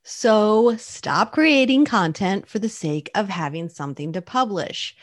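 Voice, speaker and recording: A woman co-hosting a marketing podcast, cheerful and quick to laugh. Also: mid-range voice, dry recording, clean studio sound. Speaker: podcast co-host. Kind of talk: scripted podcast chat.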